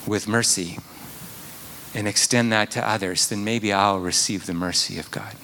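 A man preaching a sermon in an earnest way, at times dropping to a hushed whisper. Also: fairly low pitch, fairly even intonation, unhurried, a little hiss or hum. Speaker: pastor.

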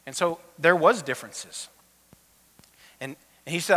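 A man preaching a sermon as a pastor, telling stories in a conversational way and sometimes dropping his voice low and soft. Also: a little slow. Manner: conversational storytelling preaching, drops to a soft quiet voice in emotional moments. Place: church auditorium. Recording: long reverb of a church hall.

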